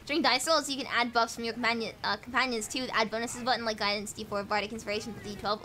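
A British woman streaming a video game, chatty and excitable, thinking aloud as she plays. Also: fairly high pitch, fast, few pauses, slight background noise. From Britain. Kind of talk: casual gameplay commentary.

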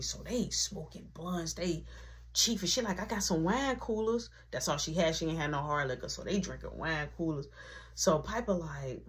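A woman telling a story in a casual storytime vlog, animated and acting out each quoted voice as she goes. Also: lowish voice, normal speed, slightly rough. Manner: animated, acts out every quoted voice. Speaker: vlogger.

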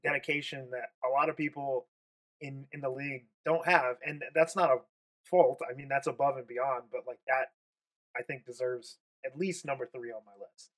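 A man's voice: mid-range voice, steady tone, moderate pace, fairly bright tone, poor audio. Hesitant man on a panel. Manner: hesitant, restarts words. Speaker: panel guest. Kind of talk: casual panel chat.

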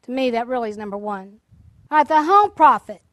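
A woman with a high voice preaches a testimony sermon. She tells her stories in a lively way and acts out the people in them. The recording is dry and close. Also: a little fast, no echo. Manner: lively storytelling, acts out quoted speech; exhorting, preacherly. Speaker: prophet speaking to a church audience.

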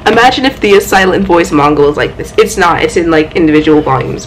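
A young woman chatting casually at home about her manga haul, excitable and playful, with loud exclamations and quick asides. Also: medium pitch, a little hiss or hum, rough recording. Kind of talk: casual chat.

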